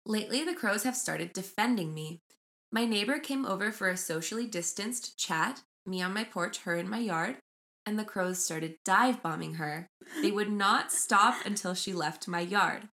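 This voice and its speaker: A young woman co-hosting a casual podcast, chatting and reading a story aloud with lively mimicry of voices. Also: mid-range voice, normal speed. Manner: animated, mimics voices when retelling. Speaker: podcast co-host.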